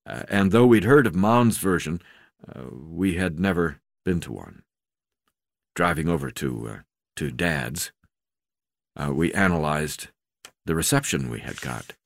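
A man's voice: extremely low pitch, lively intonation, unhurried, gravelly, pauses often, no echo, clean studio sound. A man narrating a memoir in the first person, hesitant, with frequent filler sounds and restarts.

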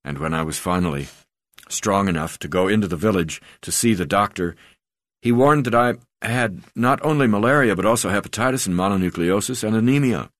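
A man with a very deep voice narrates a first-person memoir in a calm, steady, reflective way. He reads on a close studio mic, and the sound is dry and dead. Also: fairly quick, no echo. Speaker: audiobook narrator.

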